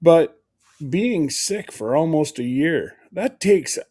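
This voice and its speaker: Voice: medium pitch, expressive, slow pace, mellow. A livestream host chatting casually, rambling and laughing often while greeting viewers by name.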